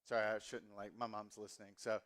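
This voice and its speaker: A man's voice: lowish voice, little pitch movement, brisk, a bit bright. A pastor in his forties from the Southern US, preaching a sermon in a casual, chatty, self-mocking way with plenty of ums. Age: 40s.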